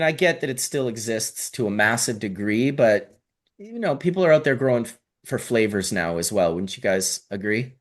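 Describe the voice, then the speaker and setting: A man's voice: medium pitch, fairly bright tone. A middle-aged man from Canada, a podcast guest telling long stories in casual conversation, rambling and swearing, with lots of fillers and restarts.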